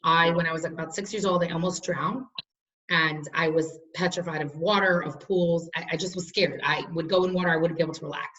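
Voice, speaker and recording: A woman in her thirties guides a study group through a text, her voice sitting on the low side. She talks chattily, often restarting sentences as she tells personal stories. The recording is muffled and picks her up from some distance away. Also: steady tone, a little fast, a bit bright. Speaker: Torah class teacher. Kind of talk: leading a study class.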